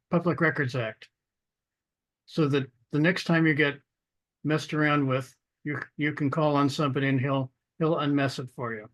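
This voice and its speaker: A man hosting a monthly video call show, with a somewhat high voice for a man. He talks in a halting way, repeating words as he looks for the right one. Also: a bit bright. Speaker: show host.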